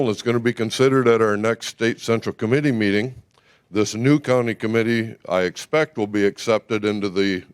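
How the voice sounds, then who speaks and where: A man giving an informal, brisk and folksy talk at a party convention, full of fillers, speaking without a microphone. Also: on the low side, smooth, no echo, studio quality.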